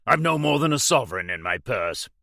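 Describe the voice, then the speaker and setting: A man's voice: mid-range voice, big pitch swings, a little fast, vocal fry, pushed and bright, no room sound, studio quality, heavily acted. A man reading an audiobook, voicing a blustering, cowardly wealthy man with a different timbre from his narration. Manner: angry, demanding bluster.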